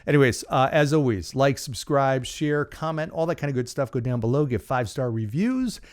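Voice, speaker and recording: A man's voice: medium pitch, expressive, fairly quick, darkish tone. A man hosting a podcast, talking through ideas in a casual, conversational way with frequent fillers and asides. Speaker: podcast host. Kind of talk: casual motivational monologue.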